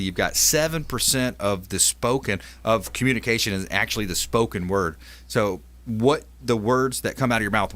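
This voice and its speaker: An upbeat male radio host chatting casually with his guests in a salesy way. His voice is bright and forceful, pitched a little low. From Tampa Bay area, Florida. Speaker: radio talk show host. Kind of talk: casual radio show chat.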